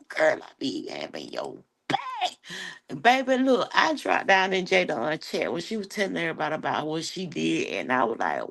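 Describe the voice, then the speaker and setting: Woman, livestream host, casual gossip, profane, teasing, low voice, lively swooping pitch. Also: normal speed, creaky. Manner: animated, profane, teasing, calls viewers baby and honey.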